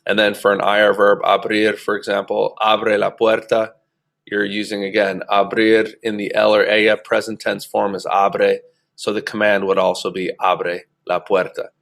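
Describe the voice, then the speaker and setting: A man with a low, gravelly voice walks through a recorded screen lesson. He explains patiently and slows right down for each example phrase, recorded on a computer mic. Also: monotone, a bit bright. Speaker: Spanish teacher.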